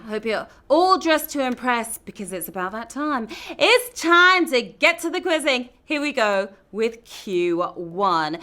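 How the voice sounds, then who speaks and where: A woman hosting a live trivia game show, reading questions and tossing out playful, teasing quips between answers. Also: fairly high pitch. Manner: playful, quippy, teasing asides. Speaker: quiz show host.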